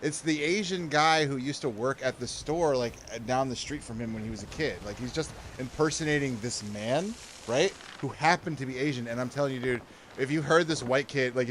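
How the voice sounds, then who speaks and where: A man's voice: medium pitch, background noise. A man streaming a game and chatting with friends, telling rambling stories with lots of laughter and swearing. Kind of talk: casual gaming stream chat.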